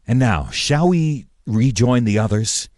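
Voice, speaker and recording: A man voicing a formal, indignant male governor who speaks in a measured way with pointed emphasis. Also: medium pitch, animated, a little mellow, no room sound, studio quality, voice pushed up, natural voice.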